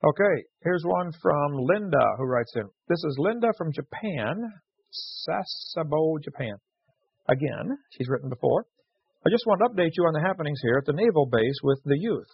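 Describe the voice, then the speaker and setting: A chatty man hosting a radio show, reading letters and cracking jokes. His voice is gravelly and husky, sitting a little high for a man. The sound is dry and dull, like an old lo-fi radio recording. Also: animated, moderate pace, no room sound. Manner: jokey, chatty storyteller with frequent laughs. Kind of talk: casual radio chat reading listener letters.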